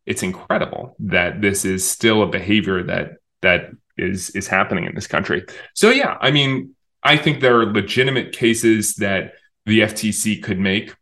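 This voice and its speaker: A man's voice: fairly low pitch, moderate pace, fairly bright tone. A man in an interview explaining his views in a talkative, emphatic way, often restarting his sentences. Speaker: interview guest, communications director. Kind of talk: conversational interview.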